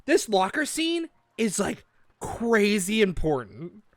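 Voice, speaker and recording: A man's voice: sits high, very animated, slow pace, dry recording, studio quality. A man hosting a casual comedic podcast, rambling and acting out characters in exaggerated quotes. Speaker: podcast host.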